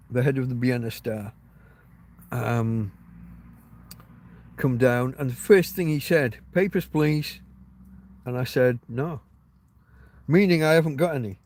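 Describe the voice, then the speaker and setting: A man with a medium-pitched, darkish voice hosts a casual livestream chat outdoors on private land. He tells rambling, wry stories laced with plenty of swearing.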